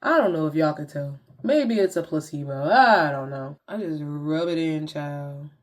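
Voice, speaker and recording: A woman's voice: low voice, moderate pace. A young woman vlogger chatting casually to viewers in slangy talk while walking through her skincare routine. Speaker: beauty vlogger.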